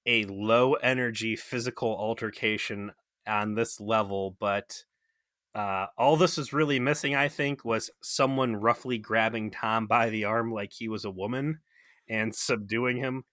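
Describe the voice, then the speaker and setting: Sarcastic podcast guy, bright voice, dead dry sound. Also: on the low side, fairly even intonation, a little slow, no echo. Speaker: podcast co-host. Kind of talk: casual chat.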